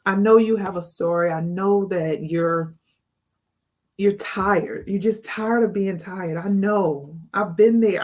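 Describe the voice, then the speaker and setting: A life coach hosts an earnest, emotional spiritual talk on camera indoors, frequently repeating her words. She speaks in a mid-range voice with a darkish tone.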